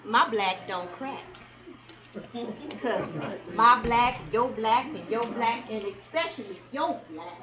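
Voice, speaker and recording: Performing spoken word at a community celebration hall, a woman with a fairly high pitch speaks slowly yet animatedly. She calls out rhythmically for the crowd to answer, and the audio comes across dull.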